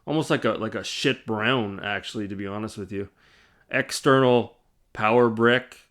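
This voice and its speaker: A Canadian man with a fairly low, slightly bright voice hosts his own gaming channel, chatting on camera at a moderate pace like a casual vlog. He's rambling and blunt, swears, and laughs at himself, sitting indoors in a side-lit room.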